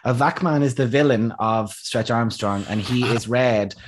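A man chatting at a game table, telling rambling, deadpan stories. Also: medium pitch, moderate pace, breathy edge. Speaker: player. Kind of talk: casual chat.

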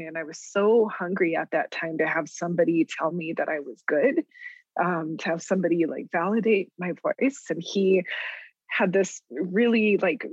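Middle-aged woman from new mexico, reflective, lots of ums, lowish voice, dry dull sound. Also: breathy edge, no echo. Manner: thoughtful, many ums and restarts, laughs lightly. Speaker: writer, interview guest. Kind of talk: reflective interview storytelling. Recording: dull lo-fi close recording.

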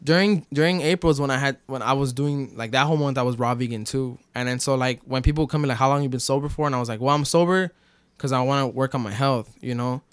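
A man's voice: medium pitch, fast, smooth, dry recording. A young man telling a story in casual chat, rambling with lots of fillers and swearing. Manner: rambling, many fillers like "bro" and "like", swears freely. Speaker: podcast guest telling his story.

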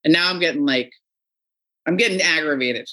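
A middle-aged woman hosting a podcast, telling stories in a casual, animated way and acting out the people she quotes. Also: deep voice, normal speed. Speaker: podcast host. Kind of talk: casual interview chat.

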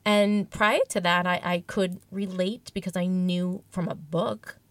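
A woman's voice: lowish voice, steady tone, a little slow, dry recording. A woman guest telling a candid personal story in an interview, reflective and emotional, often restarting her sentences.

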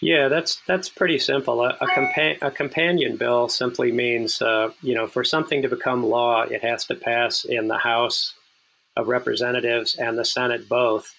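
A man's voice: medium pitch, steady tone, normal speed, vocal fry, sharp tone, rough recording. A man being interviewed as a policy analyst on a podcast, speaking earnestly with frequent restarts and repeated words.

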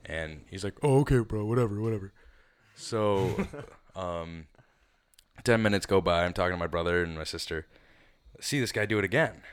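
Deep-voiced stammering young man. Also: moderate pace, clean tone, no room sound. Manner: stammering, animated retelling. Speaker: podcast co-host, bartender. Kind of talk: casual chat.

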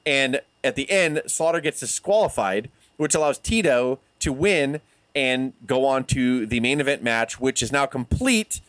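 A man's voice: medium pitch, unhurried, a bit bright, no echo. A man in his forties co-hosting a casual wrestling review podcast, talking in a profane, opinionated way. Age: 40s. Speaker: podcast co-host.

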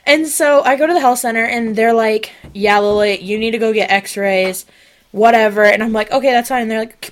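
Animated young woman telling a story. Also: fairly high pitch, moderate pace. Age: young adult. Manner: animated, acts out quoted voices. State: sick, sniffing and coughing. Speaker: podcast co-host. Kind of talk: casual comedic storytelling.

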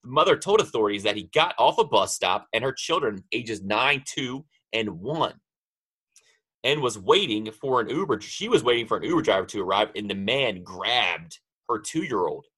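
A man's voice: fairly low pitch, lively intonation, moderate pace, a bit bright, husky. A man co-hosting a casual podcast chat, rambling and trailing off mid-sentence. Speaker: podcast co-host.

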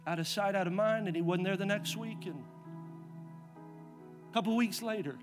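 A man with a notably high voice preaches as a pastor, dropping to near-whispered quiet and then rising to forceful emphasis. He calls out to the congregation and has them answer back. Soft music plays faintly underneath. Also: normal speed. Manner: swings from hushed to loud and emphatic, calls the congregation to respond. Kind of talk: sermon with personal story.

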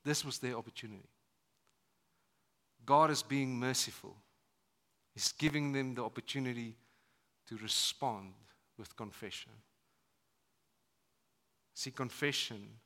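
Bright-voiced man preaching with dramatic swings. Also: medium pitch. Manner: dramatic shifts between loud emphasis and hushed lines. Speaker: pastor. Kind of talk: sermon. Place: church service.

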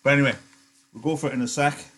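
A man teaching a live online lesson into a computer mic, his voice husky at a middle pitch. He rambles casually, breaking off his own sentences to comment. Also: steady tone, racing, fairly bright tone. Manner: chatty, self-interrupting, digressive. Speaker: English teacher. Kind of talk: live online lesson, reading a novel aloud.

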